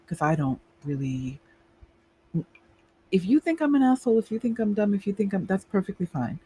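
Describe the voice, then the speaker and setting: A man's voice: fairly high pitch, warm tone, a little hiss or hum, poor audio. A man playing a judge in a roleplay, talking bluntly and firmly about how people should behave in court. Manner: blunt and firm, lays down rules. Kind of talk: in-character roleplay conversation.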